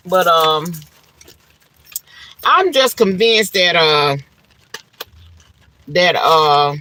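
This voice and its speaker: This chatty middle-aged vlogger has a bright voice on the low side and draws out her words during a casual mukbang-style chat. She's lively and full of laughter, calling people "honey" and "child" in a Southern way and throwing in church exclamations.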